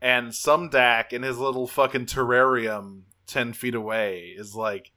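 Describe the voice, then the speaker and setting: A man's voice: lowish voice, unhurried, hardly any pauses. A man co-hosting a podcast, recapping a cartoon in casual chat, swearing freely and acting out the characters' lines. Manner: profane, animated, acts out characters' lines. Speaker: podcast co-host.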